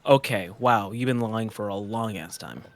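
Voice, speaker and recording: A man's voice: lowish voice, moderate pace, no room sound. A man co-hosting a casual chat podcast, with a dry, teasing way of talking. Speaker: podcast co-host.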